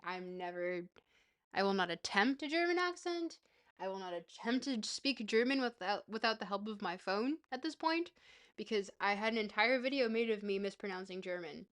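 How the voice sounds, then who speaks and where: A woman's voice: medium pitch, a little fast. A young woman streamer reading a book aloud in a playful put-on British-style accent, chatting casually with her viewers between passages.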